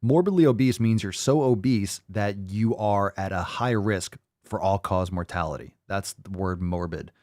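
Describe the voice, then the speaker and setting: A man's voice: fairly low pitch, normal speed, hardly any pauses, darkish tone, dry recording, clean studio sound. A man hosting a show, giving blunt, profane, sarcastic ranting commentary as he reacts to a video. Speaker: podcast host reacting to a video.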